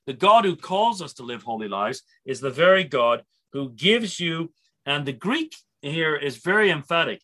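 A man's voice: fairly high pitch, expressive, normal speed, fairly bright tone. A man teaching a church Bible seminar in a conversational way, with frequent restarts and asides.

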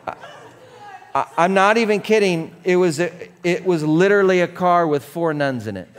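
A man's voice: high-pitched, normal speed, a little hiss or hum. A man in his forties preaching a sermon, telling a self-mocking personal story full of fillers and restarts before turning to the scripture. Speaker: pastor. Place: church stage.

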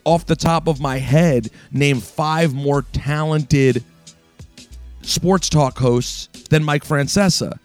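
A man's voice: fairly high pitch, a little mellow. A man hosting a sports talk radio show, delivering an emphatic, opinionated monologue straight at his listeners. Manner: emphatic, ranting, addresses listeners directly.

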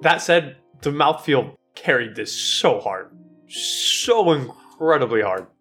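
Animated joking man co-hosting a podcast. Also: mid-range voice, slow pace, husky, soft background music. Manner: animated, joking, lots of restarts and fillers. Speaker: podcast co-host. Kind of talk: casual chat.

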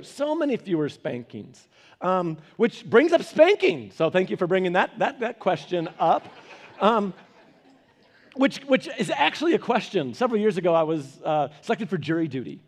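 A male pastor with a high voice delivers a sermon through lively family anecdotes. He laughs in between and acts out the people in his stories. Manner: animated storytelling, laughing asides.

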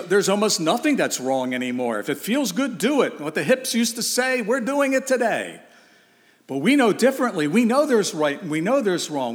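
Man preaching in a reverberant hall. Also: fairly high pitch. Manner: rhetorical questions, repeats phrases for emphasis. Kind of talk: sermon.

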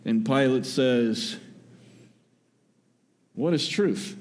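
A male pastor preaching an expository sermon, moving between quiet asides and raised emphasis. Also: medium pitch, animated, slow, long pauses.

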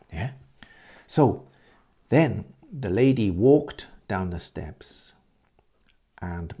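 A man's voice: sits low, mellow, breathy edge. A man telling a ghost story as an English teacher, often repeating words and explaining vocabulary for learners.

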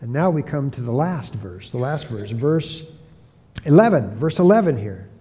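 A man's voice: on the high side, darkish tone. A man preaching an expository Bible teaching, emphatic, often repeating key phrases for stress. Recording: long hall reverb.

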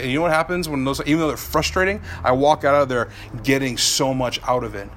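Male pastor, thirties, high and bright voice, animated preaching, dips soft then climbs loud. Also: quick pace, hardly any pauses, a little hiss or hum. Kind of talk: sermon.

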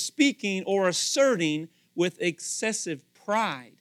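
Animated, high-voiced male preacher. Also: moderate pace, few pauses. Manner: animated, rhetorical questions, acts out quoted voices. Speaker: pastor. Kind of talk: sermon.

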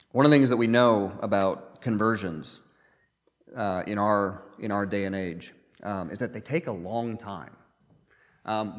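A male pastor gives a sermon in an easygoing, conversational manner, leaning on um and uh and repeating words as he thinks aloud. His voice sits somewhat low. The sound carries a long reverberant tail from a large church hall.

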